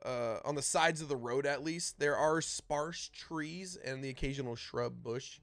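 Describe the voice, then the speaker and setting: A man narrating a tabletop game as dungeon master, describing scenes in a halting way with many fillers. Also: medium pitch, fairly bright tone, dry recording.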